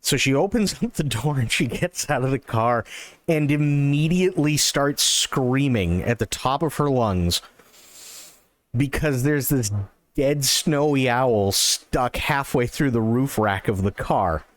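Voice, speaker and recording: Excitable man telling a story on stream. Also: mid-range voice, unhurried, no room sound. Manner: animated and excitable, swears often. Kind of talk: casual storytelling.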